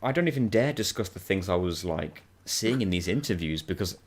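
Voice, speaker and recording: A man's voice: sits low, expressive, brisk. A man co-hosting a gaming channel, chatting casually over co-op gameplay and telling rambling stories with acted-out quotes. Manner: rambling, storytelling, acts out quoted voices. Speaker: co-host.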